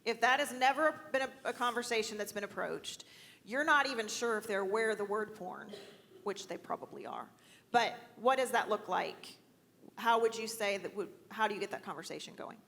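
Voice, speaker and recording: A woman leads the discussion with encouraging questions. The sound has a long hall reverb and a faint rumble underneath. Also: expressive, brisk, vocal fry, a bit bright. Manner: encouraging, asks follow-up questions. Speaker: discussion leader. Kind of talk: moderating a group discussion.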